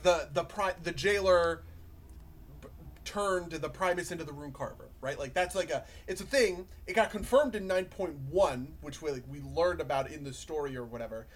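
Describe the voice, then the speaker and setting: A man co-hosting a casual games podcast, animated and swearing freely as he talks. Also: on the high side. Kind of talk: casual chat about video games.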